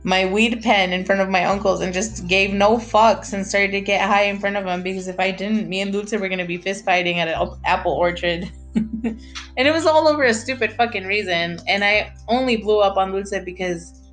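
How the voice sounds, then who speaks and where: Young woman, candid vlog confession, foul-mouthed and rambling, mid-pitched. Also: fairly quick, a bit bright, soft background music. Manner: blunt, profane and rambling, with many fillers. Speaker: mother sharing her mental health struggles.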